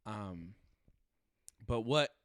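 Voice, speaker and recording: A man's voice: fairly low pitch, expressive, very slow, fairly bright tone, no echo, clean studio sound. A young man hosting a podcast, chatting casually, swearing freely and laughing often. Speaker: podcast host. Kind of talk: casual chat.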